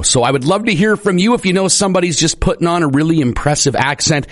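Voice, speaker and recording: A man's voice: a little high, quick pace, hardly any pauses, dry recording, clean studio sound. A man hosting a live morning radio show. He talks in an upbeat, chatty and friendly way. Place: radio studio.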